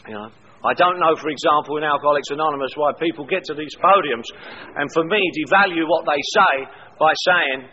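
A man's voice: on the high side, brisk, sharp tone, slight background noise. Emphatic older man, echoey hall. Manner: emphatic, wry storytelling. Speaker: recovery meeting speaker. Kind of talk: recovery testimony talk. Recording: echoey hall, dull lo-fi sound.

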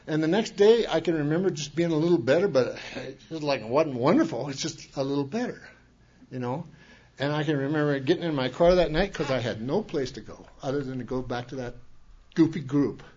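Man telling his story, self-mocking, restarts a lot, higher voice, lo-fi. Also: expressive, brisk, a little mellow, slightly rough. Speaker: recovery meeting speaker. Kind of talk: personal testimony talk.

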